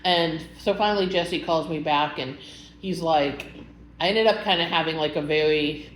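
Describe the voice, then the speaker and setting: A woman's voice: deep voice, normal speed. A young woman telling a personal story in a casual vlog, rambling and emotional, with many filler words. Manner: chatty, rambling, full of "like" fillers; emotional, animated retelling. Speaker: vlogger. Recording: roomy echo with faint background hum.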